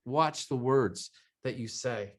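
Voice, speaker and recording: A man's voice: mid-range voice, slow. A man co-hosting a motivational talk show, speaking emphatically, quoting scripture and repeating phrases for emphasis. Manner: emphatic, preachy, quotes scripture.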